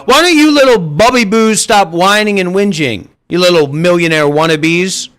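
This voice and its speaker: Hosting an online voice chat and livestream, a man with a high voice and fairly bright tone berates his listeners at a moderate pace. His rant is full of profanity and repetition.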